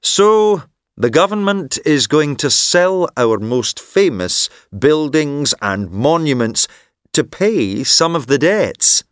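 A man voicing a smooth-talking male con man who is persuasive and sly, confiding and sometimes hushed, in a textbook listening story. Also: on the high side, big pitch swings, slow pace, no room sound, studio quality, pitched above the performer's own voice. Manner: confiding, turns hushed and secretive.

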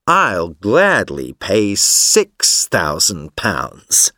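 A man voicing a rich male tourist who is polite and eager, speaking plainly and slowly in a textbook listening story. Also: low-pitched, wildly swooping pitch, pushed and bright, no echo, clean studio sound, full character voice.

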